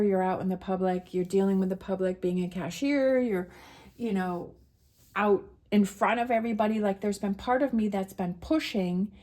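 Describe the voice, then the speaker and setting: A woman's voice: mid-range voice, mellow. A middle-aged woman telling a personal story in a casual, emotional, rambling way, with many restarts. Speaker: tarot reader sharing a personal story.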